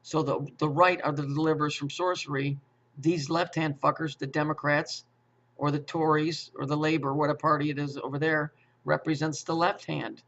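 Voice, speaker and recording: Male commentator, fairly high-pitched, profane rambler who stammers and restarts, muffled lo-fi audio. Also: level tone, moderate pace, a bit bright. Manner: profane, repetitive, with stammered restarts and rhetorical questions. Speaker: conspiracy commentator. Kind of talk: rambling monologue.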